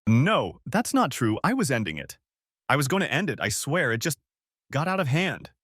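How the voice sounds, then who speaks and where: A man's voice: medium pitch, very animated, normal speed, a bit bright, no room sound, studio quality. A man voicing a wounded, tearful wife caught in an affair, pleading with a breaking voice.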